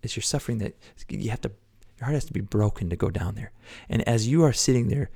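A man preaching a devotional podcast sermon, earnest, swinging between loud exhortation and hushed whispers. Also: mid-range voice, fast, creaky.

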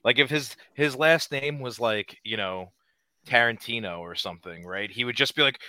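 A man's voice: medium pitch, normal speed, sharp tone, no echo. A man co-hosting a podcast in casual chat, asking rambling, sarcastic questions. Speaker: podcast co-host.

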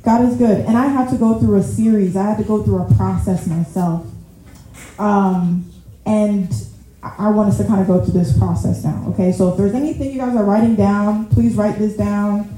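A woman's voice: mid-range voice, steady tone, normal speed, warm tone, slight background noise. A woman giving a casual, conversational sermon, chatty, calling the audience y'all and often laughing at herself. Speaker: preacher. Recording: very echoey room.

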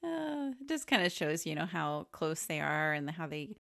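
A woman co-hosting a podcast, chatting casually about a movie and chiming in with relaxed comments. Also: low-pitched, normal speed, vocal fry. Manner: relaxed, laughs along, chimes in with short comments. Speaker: podcast co-host.

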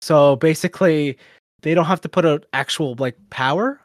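A man's voice: fairly high pitch, moderate pace, no room sound, studio quality. A man, co-hosting a podcast and telling a long casual story full of fillers and quoted asides. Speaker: podcast co-host.

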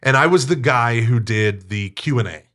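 A man being interviewed, telling stories in a talkative, animated way and acting out quoted speech. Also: mid-range voice, normal speed. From United States. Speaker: interview guest, Catholic teacher. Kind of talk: casual storytelling interview.

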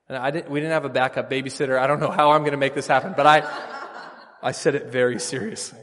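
A pastor preaching a sermon, earnest and storytelling, with emphatic bursts. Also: male voice, mid-range voice, fairly even intonation, fast, a bit bright, long reverb tail, slight background noise.

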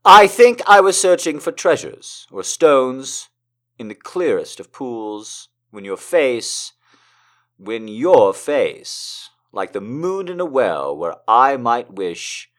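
A man reading poems aloud and joking between them, moving from slow dramatic recitation to fast, excited, profane banter. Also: medium pitch. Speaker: poetry reader. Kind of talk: casual poetry reading with commentary.

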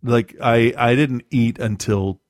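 A man's voice: mid-range voice, steady tone, no room sound, clean studio sound. A man in casual chat, telling rambling, profane stories with a lot of restarts and self-mocking asides. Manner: halting with frequent restarts and ums.

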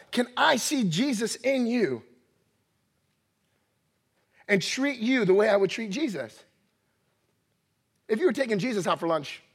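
Man, 30s, high-pitched pastor, animated sermon delivery, mimics voices and laughs. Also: slightly rough. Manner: animated, acts out quoted voices, laughs often. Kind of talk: energetic sermon.

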